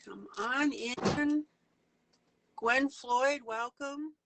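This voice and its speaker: A woman's voice: high-pitched, very slow, slight background noise, rough recording. A woman hosting a live online stream, chatty and greeting her viewers by name on a video call. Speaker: host of a live coloring stream. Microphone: webcam or computer mic on a video call.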